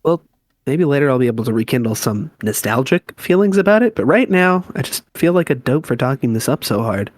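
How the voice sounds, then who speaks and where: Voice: mid-range voice, sing-song, a little fast, no echo, studio quality. A voice actor playing a disillusioned teenage boy who rants sarcastically and with exasperation in a fan-made comic reading. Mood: dejected.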